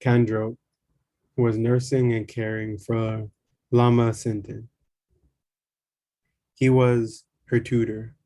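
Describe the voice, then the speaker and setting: A man reading a spiritual memoir aloud in a calm, measured way. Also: medium pitch. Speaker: reader.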